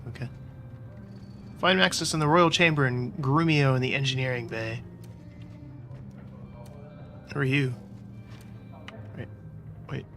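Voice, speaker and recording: A man's voice: mid-range voice, fairly even intonation, normal speed, pauses often, fairly bright tone. A man doing casual let's-play commentary, making sarcastic, joking asides as he plays. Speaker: gaming YouTuber. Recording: game audio with music behind.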